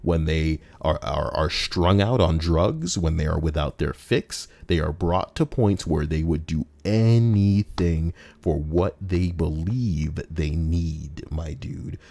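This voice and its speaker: This story reader and commentator has a warm, creaky bass voice and speaks slowly, barely pausing, on a dry recording. He keeps interrupting his reading with brash, profane rants that mock the writer and the listener.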